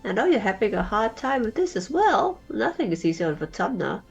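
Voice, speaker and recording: High, tearful teenage girl. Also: big pitch swings, fairly quick, creaky, slightly rough, lo-fi sound, soft background music, heavily acted. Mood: subdued. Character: distraught teenage girl student, grieving. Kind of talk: reading game dialogue aloud.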